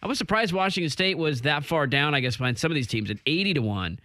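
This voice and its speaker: A male sports radio host with a bright, ringing voice set a little high, joking and quick as he runs through listener texts and betting odds. The studio sound is dry and close to the mic. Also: animated, no echo. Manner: quick, joking banter with laughs.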